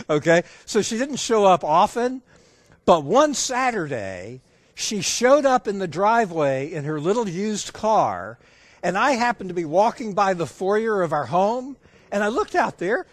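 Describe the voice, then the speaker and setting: Lively high-voiced male preacher. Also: unhurried, dry recording. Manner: engaging, asks the audience questions; acts out dialogue in the story. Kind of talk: sermon with a personal story.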